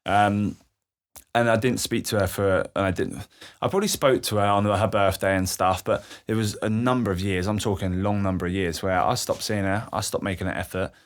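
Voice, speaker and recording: Young guy opening up on a podcast, low voice, sweary and raw, acts out what people said. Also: fairly even intonation, brisk. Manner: emotional, swears freely, acts out quoted voices. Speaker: guest. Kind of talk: candid personal storytelling.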